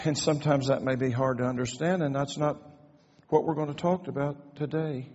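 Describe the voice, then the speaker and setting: A man's voice: mid-range voice, steady tone, fairly quick, darkish tone. An older man preaching a sermon in a church, folksy with joking asides and growing fervor. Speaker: pastor. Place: church sanctuary. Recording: echoey church hall, dull lo-fi sound.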